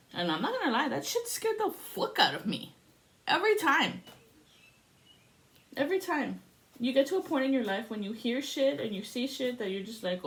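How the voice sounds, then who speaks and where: Profane, animated woman in her forties. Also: fairly high pitch. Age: 40s. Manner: profane, animated storytelling with laughs. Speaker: spiritual vlogger. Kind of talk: casual monologue.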